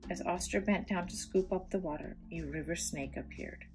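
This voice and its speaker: Woman storyteller, gravelly, children's read-aloud with soft music behind. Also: on the low side, normal speed. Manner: gentle, with asides to young listeners.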